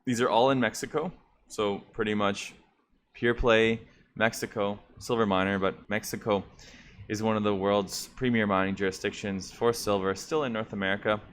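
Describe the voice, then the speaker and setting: A man's voice: fairly low pitch, steady tone, moderate pace, fairly bright tone, a little hiss or hum. A man hosting an investing channel, giving casual stock market commentary in a conversational way, calling viewers "guys". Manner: conversational, addresses viewers as guys, frequent fillers.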